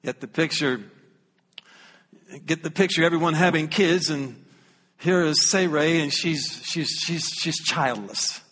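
A man's voice: on the high side, measured pace, fairly bright tone, long reverb tail. A man with a Southern US accent preaching a sermon as pastor, folksy and humorous, reading scripture aloud.

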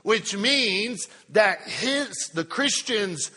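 A man preaching a sermon at a church Bible study, stretching key words slowly for emphasis. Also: high-pitched, animated, sharp tone. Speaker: pastor. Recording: long hall reverb.

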